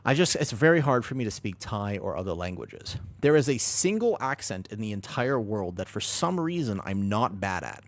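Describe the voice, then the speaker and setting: A man's voice: fairly low pitch, sing-song, normal speed, few pauses, no echo. A man streaming from his bedroom, chatting casually with viewers and swearing freely. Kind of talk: casual chat to a live stream.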